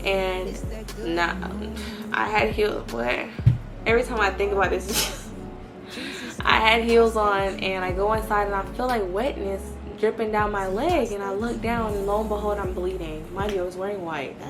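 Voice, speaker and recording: A young woman in her early twenties tells her faith testimony in a lively way, talking straight to the viewers. Her voice sits at a middle pitch, with faint music underneath. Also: moderate pace. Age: early 20s. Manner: animated, talks straight to viewers. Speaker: vlogger sharing a faith testimony. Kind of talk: personal testimony storytelling.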